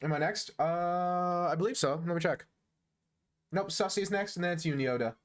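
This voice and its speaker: Young american guy streaming chess, kinda high voice, jokes around and teases chat. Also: moderate pace. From United States. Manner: joking, teasing banter, chuckles often.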